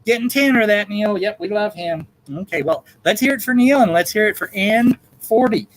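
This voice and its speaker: A man hosting a live charity bingo game, calling numbers in a drawn-out way and joking in between. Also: sits high, poor audio. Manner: campy, jokey, drawn-out number calls. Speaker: bingo caller and host.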